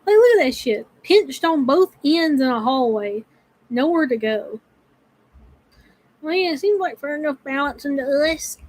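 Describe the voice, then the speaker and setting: A woman's voice: high voice, lively intonation, a little slow, darkish tone, dry recording, low-quality recording. A woman streaming a video game, talking to her chat in a frustrated, swearing manner. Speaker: gaming streamer. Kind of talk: casual gameplay commentary.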